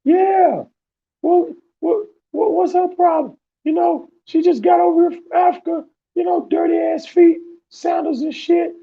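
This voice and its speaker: A man's voice: extremely high pitch, fairly even intonation, unhurried, vocal fry, dull audio, voice pushed up, heavily acted. A man putting on his brash, crude buddy. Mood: defensive. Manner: defensive, offhand, crude. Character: brash dismissive young man, the narrator's buddy.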